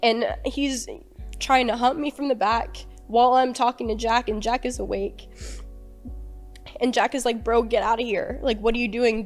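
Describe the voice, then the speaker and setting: A young woman recounting a personal story as a podcast guest, rambling and peppering her talk with "like". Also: a little high. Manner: rambling, heavy use of "like", emotional retelling. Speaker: interview guest.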